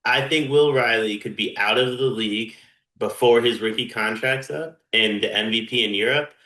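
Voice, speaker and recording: Dry-joking male podcast co-host, bright voice. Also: medium pitch, normal speed. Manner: dry, joking one-liners. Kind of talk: casual sports podcast banter. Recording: echoey room.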